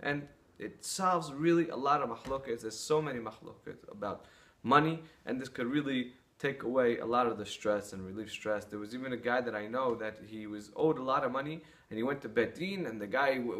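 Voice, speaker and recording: A man's voice: medium pitch, brisk, fairly bright tone. A man preaching an earnest sermon, telling stories and drawing lessons from them. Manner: earnest, storytelling, with some restarts.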